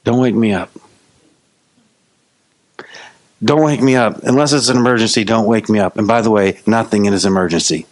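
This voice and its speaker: A preacher voicing calm, unbothered Jesus. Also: male voice, fairly low pitch, no echo, voice pushed down, natural voice. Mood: relaxed. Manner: relaxed, unhurried, lightly teasing. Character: calm unbothered Jesus, grown man, trusting.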